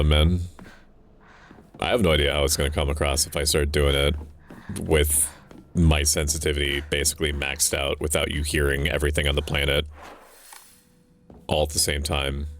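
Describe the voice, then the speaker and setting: A young man with a very low, deep voice talks through a game stream in loose, rambling commentary. He cracks jokes, breaks off mid-thought, and curses offhandedly, with a faint hiss of noise behind him. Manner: rambling, joking, self-interrupting, swears casually. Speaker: VTuber streamer. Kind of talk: casual gameplay commentary.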